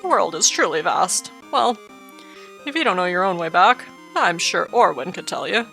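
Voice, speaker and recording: A woman voicing an earnest young man in a fantasy game who speaks in a formal, measured way. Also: on the low side, very animated, vocal fry, bright, forceful tone, faint music behind, heavily acted. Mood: calm.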